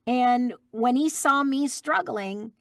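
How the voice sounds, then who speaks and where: A middle-aged woman, a guest voice actress, chatting in an interview and telling lively stories with plenty of fillers. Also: fairly high pitch, slow pace, no echo, studio quality. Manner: warm, animated storytelling with fillers. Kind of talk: casual interview chat.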